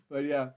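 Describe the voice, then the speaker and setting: Slight background noise sits under this young man's warm, slightly high voice as he builds a model kit on a laid-back live stream. He rambles, giggles, and swears, full of hyper energy and self-mockery.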